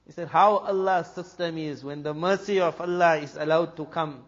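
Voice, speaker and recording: A man from South Africa, a preacher telling a story in an animated way, dropping to a hush for the dramatic moments. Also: a little high, normal speed. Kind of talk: storytelling talk. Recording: dull lo-fi recording with long hall reverb.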